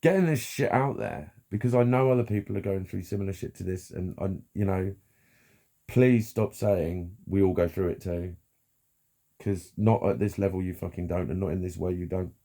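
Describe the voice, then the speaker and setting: A man giving a frank, halting personal monologue, swearing freely and restarting his sentences. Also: low voice, creaky, warm tone. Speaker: vlogger.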